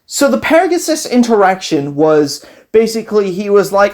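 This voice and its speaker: Animated, rambling game commentator. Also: mid-range voice, moderate pace. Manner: rambling and animated, retelling scenes in quoted voices and laughing often. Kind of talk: casual commentary on a card game story event.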